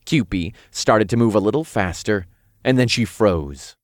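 Brief: male narrator, low voice, dry close-miked read. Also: animated, a little slow, dry recording. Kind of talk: scripted first-person narration.

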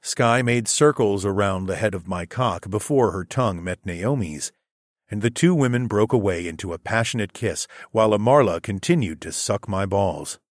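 A male audiobook narrator with a low voice reads in the first person at normal speed. The recording is dry, with clean studio sound.

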